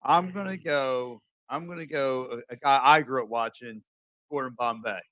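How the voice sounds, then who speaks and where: A man co-hosting a casual sports podcast, talking in a halting way with restarts. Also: medium pitch, pushed and bright, dry recording. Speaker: podcast co-host.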